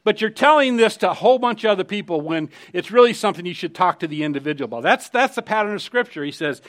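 A man's voice: high-pitched, animated, fast talker, fairly bright tone. A middle-aged man preaching a sermon, conversational and emphatic, telling personal stories. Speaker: pastor.

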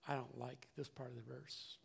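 A man's voice: mid-range voice, level tone, moderate pace, vocal fry, breathy edge. An older man preaching a conversational sermon as a pastor, earnest and plainspoken, often restarting and repeating words.

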